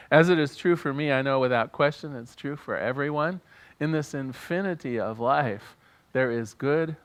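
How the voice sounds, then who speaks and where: A man's voice: medium pitch, a bit bright. Earnest man leading a church prayer. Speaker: minister. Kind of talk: sermon and prayer. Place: church service.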